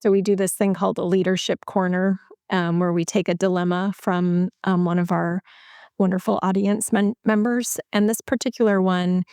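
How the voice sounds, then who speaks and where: A woman's voice: on the low side, level tone, moderate pace, darkish tone, smooth, dry recording, studio quality. A woman hosting an interview podcast, setting up a question in a hesitant way with many fillers. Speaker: podcast host.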